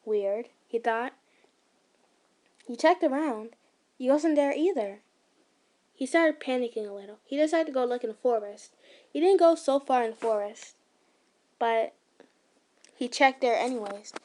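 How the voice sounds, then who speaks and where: A woman's voice: sits high, dark tone. A woman reading a fan story aloud in a casual, stumbling way, with side remarks. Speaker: ASMR storyteller.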